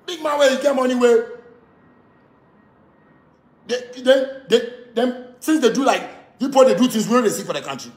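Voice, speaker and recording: Angry Ghanaian man ranting loudly. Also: very high-pitched, animated, normal speed, pauses often, roomy sound. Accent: Ghanaian Pidgin English. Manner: heated, repetitive, swings from shouting to muttering. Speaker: musician ranting to camera. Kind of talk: angry rant.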